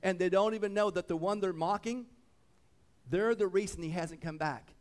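This man's voice is high, his pace normal, as he preaches as pastor. His sermon moves from loud, passionate passages to soft, reverent moments, with repeated phrases and calls of "come on."

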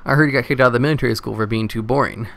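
A man imitating a goofy male frog puppet, teasing quickly. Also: medium pitch, steady tone, gravelly, fairly bright tone. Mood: mocking.

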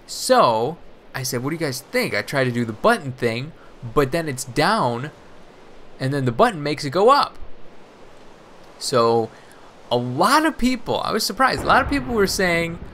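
Male let's-play host: bright, animated, rambling and self-deprecating, faint background hiss. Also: medium pitch. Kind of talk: casual gameplay commentary.

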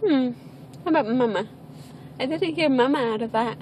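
High-voiced woman coaxing in baby talk. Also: normal speed, a little mellow. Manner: coaxing, sing-song, repetitive. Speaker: mother filming her baby. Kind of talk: home video, baby talk. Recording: home video with background noise.

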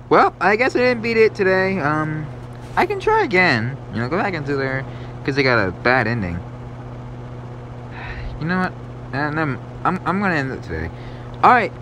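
A man's voice: high voice, pushed and bright, a little hiss or hum. A young man doing casual gameplay commentary as a gaming YouTuber, rambling and talking to his viewers. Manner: screams in panic during chases, then rambles through the outro.

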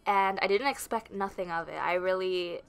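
A woman's voice: medium pitch, normal speed, vocal fry, clean tone. A pregnant woman vlogger narrating her video in a chatty, rambling way with lots of fillers. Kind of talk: casual voice-over narration.

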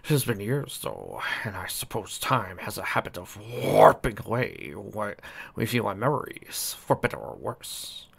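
A man voicing a calm, polished male stallion pony who speaks quietly and graciously. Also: lowish voice, unhurried, vocal fry, breathy edge, full character voice. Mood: gentle.

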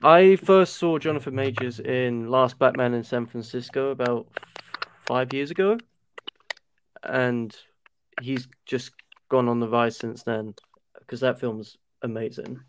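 A man on a video call in a loose movie-night chat, mid-pitched and easygoing. He laughs a lot and drops swear words without thinking. There's a faint hiss under his voice. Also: steady tone, a little slow. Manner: swears freely, laughs often. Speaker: panelist on a movie live stream. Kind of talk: casual chat.

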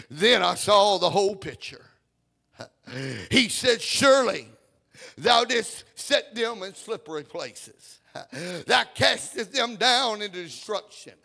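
High, shouting pastor preaching a sermon. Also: male voice, expressive, slow, vocal fry. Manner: preaching with sudden shouts and sung phrases, dropping to quiet reading; punctuates lines with "uh" and "huh".

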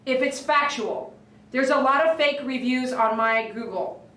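A woman dog groomer chatting on a livestream, reading viewer comments and telling stories in an animated, excitable way that breaks into shouts. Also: sits high, unhurried, far from the mic. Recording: echoey room, voice away from the mic.

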